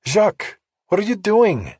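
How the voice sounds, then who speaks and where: A man's voice: high voice, very animated, measured pace, darkish tone, breathy edge, no room sound, clean studio sound, voice pushed up, full character voice. Man doing a breezy faux-French barmaid. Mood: welcoming. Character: French-accented female bartender, breezy.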